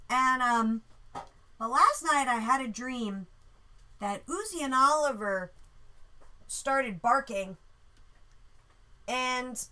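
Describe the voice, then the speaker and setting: Woman, 30s, casual storyteller, high-pitched, very lively, swears a lot. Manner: animated, swears freely.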